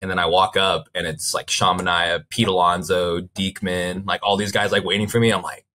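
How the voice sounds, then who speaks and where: A young man with a low, bright voice chats as a guest on a sports talk show. He rambles through stories, leaning on "like" as he goes. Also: steady tone, fast talker. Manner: rambling storyteller, frequent "like" fillers. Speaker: baseball player guest. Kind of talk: casual interview chat.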